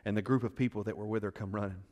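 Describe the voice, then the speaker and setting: A male pastor preaching a sermon, retelling a scripture story dramatically and questioning the congregation, moving between loud bursts and hushed moments. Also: fairly low pitch, fairly even intonation, racing. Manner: conversational, asks the crowd questions.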